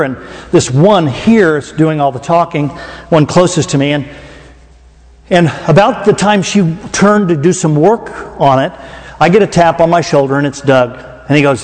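A man's voice: a little high, normal speed, darkish tone. A middle-aged man with an Oklahoma accent preaching a sermon, telling a story in a folksy, conversational way and joking with the audience. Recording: long reverb in a large hall.

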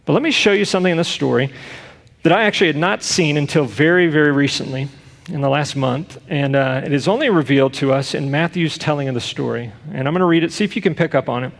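A middle-aged man, a pastor, preaching earnestly with rhetorical questions and loud bursts of emphasis. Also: on the high side, quick pace, gravelly, long reverb tail. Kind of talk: sermon.

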